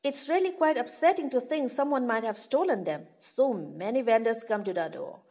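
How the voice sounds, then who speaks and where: A woman's voice: fairly high pitch, expressive, moderate pace, dark tone. A woman reading aloud as a fretful, fed-up elderly grandmother in a storybook. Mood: worried. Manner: complaining, exasperated.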